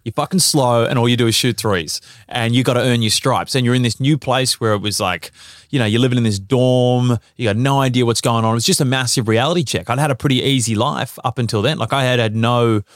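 A young Australian man on a casual podcast, telling lively stories, swearing freely and laughing often. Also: medium pitch, brisk, dry recording, clean studio sound. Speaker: podcast guest, former basketball player.

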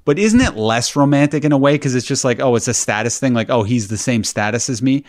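A man's voice: medium pitch, brisk. A man co-hosting a podcast, telling a story in casual chat with an amused, rambling manner. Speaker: podcast co-host.

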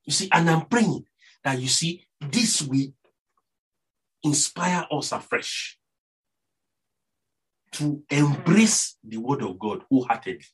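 A man with a Nigerian accent delivers a sermon. His voice is husky, and his pitch swings widely as he presses each point. He keeps circling back to the same phrases. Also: animated, slow, long pauses. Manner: earnest, repeats "you see" and phrases for emphasis. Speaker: preacher.

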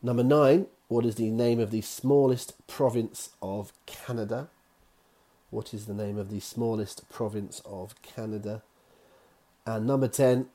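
A man's voice: medium pitch, unhurried, dark tone. A man hosting a quiz from his own office, reading each question twice with chatty asides. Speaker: quiz host.

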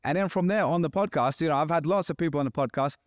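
Man, podcast co-host, casual chat, animated storytelling, dry close sound. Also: fairly high pitch, fast talker, no room sound. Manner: animated, acts out quoted exchanges.

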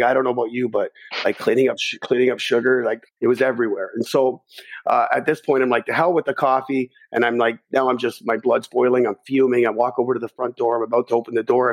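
Speaking in a mid-range voice, this middle-aged podcast guest recounts something from his own life in a lively manner, voicing his inner thoughts as he goes.

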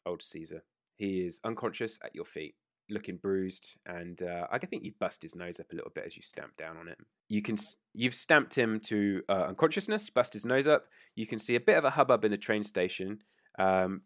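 A man runs a tabletop game and narrates the scene in a loose, casual way, stopping often with fillers. His voice sits low. The sound is dry and close. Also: fairly bright tone, dry recording. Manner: casual, with fillers and quick rulings. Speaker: game master.

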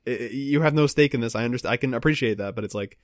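Young male podcast co-host, animated and profane, dry recording. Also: mid-range voice, very fast, no room sound. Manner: animated, swears often, acts out quotes. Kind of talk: casual chat.

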